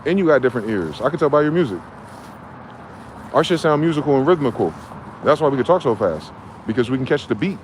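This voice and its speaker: A man's voice: mid-range voice, lively intonation, slight background noise. Heated, profane man ranting in a car. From New Jersey. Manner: profane, heated, fast-talking. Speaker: vlogger. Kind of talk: ranting monologue.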